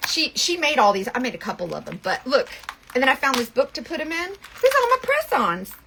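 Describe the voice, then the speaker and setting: A woman's voice: high-pitched, big pitch swings, quick pace, creaky, noisy background. A woman telling a rambling story in casual chat, full of fillers and restarts. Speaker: makeup seller and vlogger.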